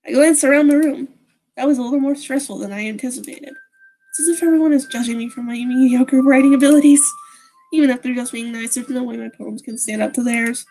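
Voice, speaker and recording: A woman's voice: high-pitched, fast talker, warm tone, a little hiss or hum, poor audio. A woman voicing an awkward teenage boy protagonist who talks in a dry, sheepish way. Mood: narrating.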